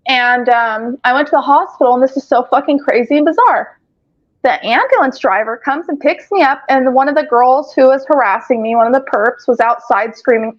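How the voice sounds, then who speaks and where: A woman's voice: sits high, normal speed. A woman telling her story in casual chat on a group video call, rambling, cursing often and filling gaps with "um". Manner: rambling, profane, frequent filler words. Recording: lo-fi call audio.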